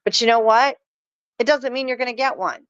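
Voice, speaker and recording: A woman's voice: fairly high pitch, fairly quick, fairly bright tone, dry recording. A middle-aged woman guest telling stories in a casual chat, earnest and emphatic. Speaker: podcast guest. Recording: dull lo-fi sound.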